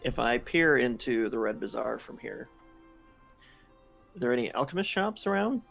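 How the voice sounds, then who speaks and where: A man playing a tabletop game, asking slow, deliberate questions. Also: mid-range voice, very animated, vocal fry, fairly bright tone, faint music behind. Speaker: player.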